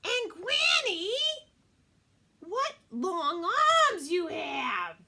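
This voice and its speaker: A woman's voice: wildly swooping pitch, drawn-out words, sharp tone, exaggerated voice. A woman voicing a polite, eager little girl in a storybook read aloud. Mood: amazed. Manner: high, sweet, eager.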